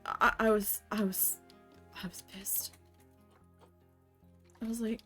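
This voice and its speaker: A woman streamer chats casually as she plays, retelling a work story with blunt, salty language. Her voice sits at an ordinary middle pitch, and faint music hums under her talk. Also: measured pace, long pauses. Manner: blunt, swears often, animated retelling. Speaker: game streamer. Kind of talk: casual storytelling while playing a game.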